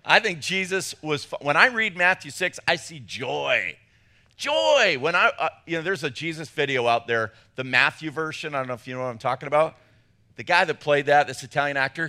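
A middle-aged man preaching a humorous sermon, animated and jokey, acting out little voices. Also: fairly high pitch, fairly quick. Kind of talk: humorous sermon to a men's gathering.

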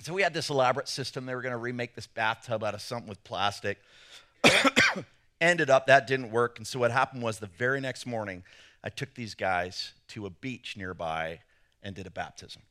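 A man preaching a sermon, telling a story in an animated way and acting out quotes with sudden loud jumps. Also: mid-range voice, normal speed. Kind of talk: sermon with personal anecdotes.

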